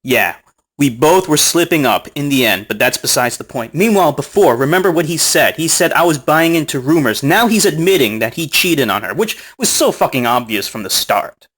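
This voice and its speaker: A man's voice: fairly high pitch, lively intonation, moderate pace, fairly bright tone. A man recounting an online argument in casual commentary, mocking, sarcastic and profane, often breaking into laughs, recorded on a smartphone.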